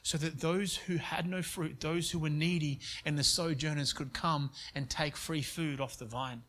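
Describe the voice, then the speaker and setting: A man preaching with a slightly high voice, telling a personal story in an earnest way. He restarts often and stumbles over his words as he goes. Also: steady tone, moderate pace, a bit bright. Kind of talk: sermon story.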